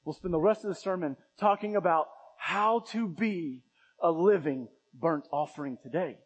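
A man preaching a sermon as pastor, impassioned, swinging between loud emphatic runs and quiet low asides. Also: normal speed, long reverb tail, rough recording. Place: church sanctuary.

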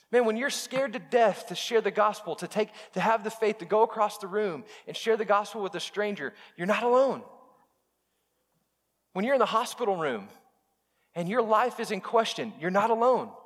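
A man's voice: sits high, fairly bright tone, long reverb tail. A male pastor preaching a passionate sermon to his congregation, speaking directly to them and repeating his key phrases. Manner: impassioned, repetitive, direct address to congregation. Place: church sanctuary.

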